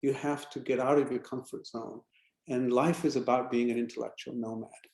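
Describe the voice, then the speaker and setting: Male guest speaker, gravelly and warm, emphatic advice, roomy call audio. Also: medium pitch, fairly even intonation, normal speed. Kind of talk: fireside chat. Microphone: video call.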